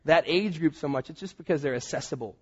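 A man in his thirties preaches with a slightly husky, breathy voice that sits a bit higher than most men's. He tells stories from his own life and acts out what people said to him. The sound is dull and lo-fi. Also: fast. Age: 30s. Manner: storytelling with acted-out quotes. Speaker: pastor. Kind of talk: sermon.

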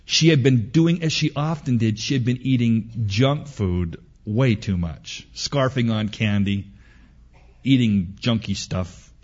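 A man's voice: mid-range voice, slow, a little mellow, breathy edge. A middle-aged man preaching a sermon to young men. He tells stories in an emphatic, repetitive way. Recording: dull lo-fi recording.

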